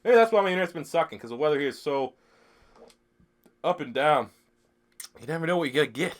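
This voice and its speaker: A young man from Canada streams a football video game live, talking in a somewhat high voice. He is sick and clears his throat often. He swears freely and rambles as he answers chat questions. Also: lively intonation, fast talker. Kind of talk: live-stream gaming commentary.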